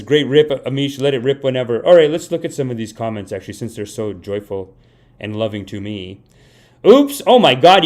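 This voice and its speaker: A man with a medium-pitched, slightly mellow voice hosts a live comedy podcast from his home streaming setup. He rambles through stories in a mock-earnest monologue, praising himself.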